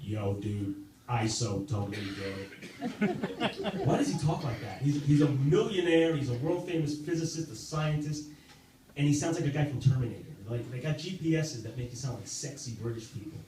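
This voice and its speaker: Halting man doing stand-up in an echoey basement. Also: on the high side. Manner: halting, self-deprecating, many fillers and restarts. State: sober, in recovery. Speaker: stand-up comedian. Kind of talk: stand-up comedy set. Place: club basement with live audience. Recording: very echoey room, distant mic, audible noise.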